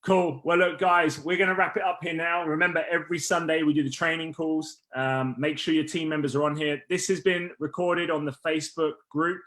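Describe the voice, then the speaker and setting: A man hosting a casual business team call, energetic and rallying, who says he is losing his voice. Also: fairly high pitch, brisk, hardly any pauses. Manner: energetic, rallying, restarts often.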